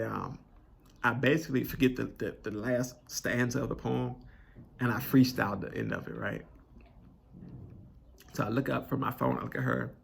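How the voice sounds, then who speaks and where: Earnest, gravelly-voiced young man, choked up. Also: mid-range voice, a bit bright, slight background noise. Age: 20s. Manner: earnest, conversational, with many restarts and filler words. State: choked up with emotion. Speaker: vlogger telling his proposal story. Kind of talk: emotional personal storytelling.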